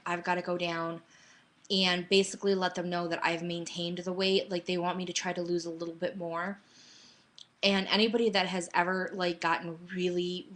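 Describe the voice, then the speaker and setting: A young adult woman with a fairly low, pushed and bright voice gives a candid, rambling personal update. It's a casual vlog filmed at home and recorded on a webcam mic.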